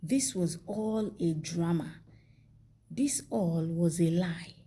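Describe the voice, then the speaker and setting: A woman's voice: on the low side, slow pace, warm tone, slightly rough. A woman reading an angry, vengeful young husband. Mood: cold, hateful.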